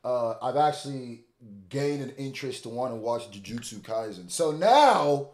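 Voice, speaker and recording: A man hosts a reaction video in loose slang and keeps repeating his own jokes for effect. His voice sits in a middle range. The room around him rings with a clear echo. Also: medium pitch, normal speed, a little mellow. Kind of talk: casual reaction commentary. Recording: roomy echo.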